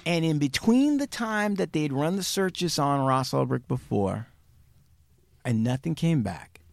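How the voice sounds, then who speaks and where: A man's voice: animated, a little slow, gravelly, no room sound. Male podcast host, storyteller, voices the people he quotes, dry close sound. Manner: acts out quotes with big pitch jumps, swears casually. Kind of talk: animated true crime storytelling.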